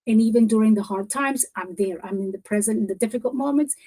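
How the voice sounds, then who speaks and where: A woman presenting a professional development webinar in a lively, encouraging coaching manner, stressing key words and repeating them for effect. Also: on the high side, fast, breathy edge, poor audio.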